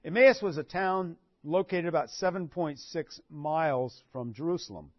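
Man, preacher, high-pitched, animated storytelling sermon, dull dry sound. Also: normal speed, no echo. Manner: animated storytelling, acting out quotes.

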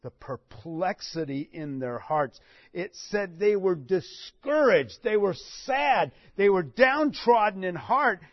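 A man's voice: sits high, expressive, slow pace, dry recording. A man preaching a sermon, telling the story with animation and acting out what people said. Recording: dull dry recording.

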